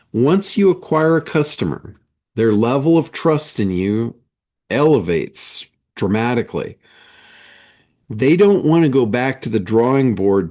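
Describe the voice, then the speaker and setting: A man's voice: medium pitch, mellow. A man giving a motivational talk as a business coach, stressing points with rhetorical questions. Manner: slow, emphatic, with rhetorical questions. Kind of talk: motivational monologue.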